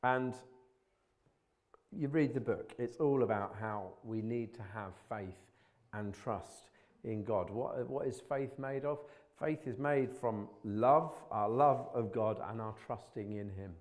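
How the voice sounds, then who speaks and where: A man's voice: mid-range voice, takes it slowly. A man giving an informal sermon in a church, chatty and colloquial, poking fun at himself, with bursts of emphasis. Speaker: preacher.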